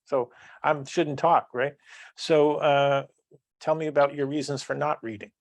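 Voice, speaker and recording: A man's voice: fairly high pitch, steady tone, unhurried, gravelly, dry recording. A man in his sixties hosting a podcast interview, asking long rambling questions full of restarts. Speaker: podcast host. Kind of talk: casual interview.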